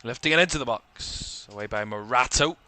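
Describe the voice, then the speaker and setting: A man calls a football match live for a watchalong stream. He rattles off player names in clipped bursts and lifts his voice as attacks build. His tone is bright and his voice crisp and clean, a little tired. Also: mid-range voice, a little fast. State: tired, yawning. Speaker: football commentator.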